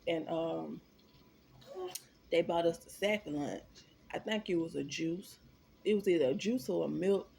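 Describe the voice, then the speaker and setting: Animated, swearing woman telling a story. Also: fairly low pitch, measured pace, creaky, long pauses, slight background noise. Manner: animated, profane and emphatic. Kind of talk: storytime vlog.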